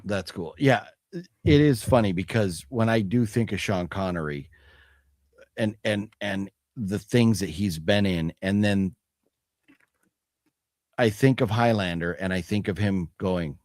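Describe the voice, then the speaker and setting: A man hosting a live stream in a relaxed, easygoing way, reading out viewer comments between bits of chat. His voice sits a little low, and the recording is dry and close with no room sound. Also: unhurried, pauses often, dry recording. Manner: relaxed, laid-back, reads chat comments aloud. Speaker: host.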